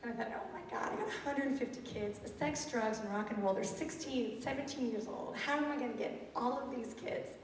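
A woman's voice: on the high side, fairly quick, few pauses, a little hiss or hum. A woman in her thirties, a teacher giving a lecture, telling stories animatedly and acting out her students' lines. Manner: animated, acts out students' quotes. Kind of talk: storytelling talk. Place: university auditorium. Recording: echoey hall from far off, lo-fi tape.

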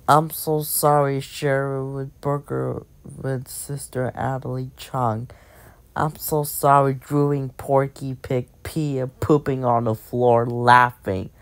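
A woman voicing a young girl in a fan-made cartoon who apologizes to her family in halting, repetitive phrases full of fillers. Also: rumbling low, flat delivery, no room sound, exaggerated voice. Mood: sheepish.

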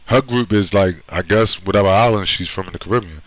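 A man's voice: deep voice, fast talker, dry recording, low-quality recording. A man from the United States in a blunt, profane monologue who keeps checking in with "right?" and "you see?". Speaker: video commentator. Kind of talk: emphatic monologue.

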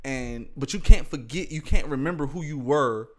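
A man's voice: medium pitch, normal speed. A man with a Southern US accent, a guest in casual podcast chat, who talks playfully, drawls his words out and swears freely.

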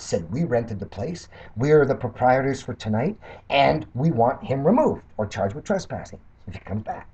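Combative older man, husky and animated. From Canada. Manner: combative, mocking, swinging between loud jabs and low mutters. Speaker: political candidate and commentator. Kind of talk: sarcastic monologue reading and rebutting criticism.

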